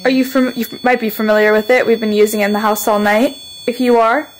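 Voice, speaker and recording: A woman vlogger with a high voice talks through setting up devices on a table in an old house at night. She speaks in a chatty, quick-reacting way. Faint noise hums behind her. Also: fairly even intonation, low-quality recording. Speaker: paranormal vlogger. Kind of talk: casual ghost-hunting chat.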